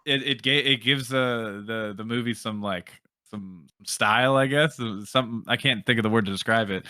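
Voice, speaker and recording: A man co-hosting a film podcast, talking casually in a halting way, often searching for words. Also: mid-range voice, pushed and bright, smooth, dry recording, clean studio sound. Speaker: podcast co-host.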